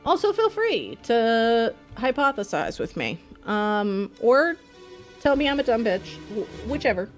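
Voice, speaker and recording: A woman's voice: on the high side, very animated, a little slow, faint music behind. A woman streaming a game live, chatting playfully and swearing freely as she thinks aloud. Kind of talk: casual live gameplay commentary.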